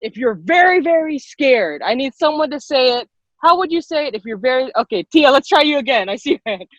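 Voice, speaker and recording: A woman leading an online public speaking workshop on a video call, lively and quick-talking, encouraging the participants. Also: high-pitched, no echo. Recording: dull lo-fi video call audio.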